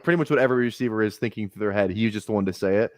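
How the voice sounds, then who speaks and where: A man from Minnesota telling stories and chatting excitedly while drafting fantasy football on a live stream. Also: lowish voice, racing, no room sound, clean studio sound. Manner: animated, excitable storyteller. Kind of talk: casual chat on a live stream.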